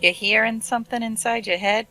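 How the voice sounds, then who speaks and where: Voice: mid-range voice, steady tone, fairly quick, pushed and bright, pitched above the performer's own voice, natural voice. A player voicing a brash, sarcastic woman adventurer who needles and provokes others. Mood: needling. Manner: sassy, needling, tough-talking.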